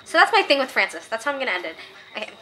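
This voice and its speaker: A young woman talks through a book review in a casual, chatty way. Her voice is bright and clear. She is opinionated and gets worked up as she reads quoted passages aloud. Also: fairly high pitch, big pitch swings, rapid-fire, slight background noise.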